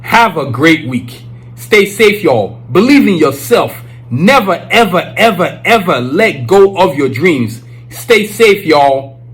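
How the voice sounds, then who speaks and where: A man's voice: on the high side, sing-song, slow, breathy edge, poor audio. A male podcast host giving an emphatic, preachy casual monologue, full of filler phrases.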